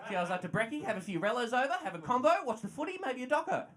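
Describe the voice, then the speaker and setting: A young Australian man doing stand-up, sarcastic and swearing, swinging from loud rants to low asides. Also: very animated, very fast, a crowd in the background. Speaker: stand-up comedian. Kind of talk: stand-up comedy. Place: comedy venue with audience laughter. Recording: live stage recording with audience noise.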